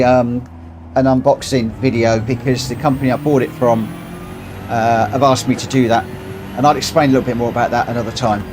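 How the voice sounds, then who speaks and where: A man hosting a racing game stream, talking in a loose, rambling way. He thinks aloud and chats to his viewers in a plain, mid-pitched voice. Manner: chatty, rambling, thinks aloud while adjusting settings. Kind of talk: casual live-stream chat while gaming.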